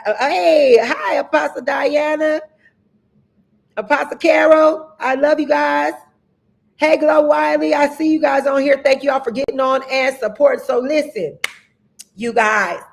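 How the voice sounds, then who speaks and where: Lively woman host with a preacher's delivery. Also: sits high. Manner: lively, preacher-like, greets viewers by name. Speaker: host and minister. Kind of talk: livestream announcements and shout-outs.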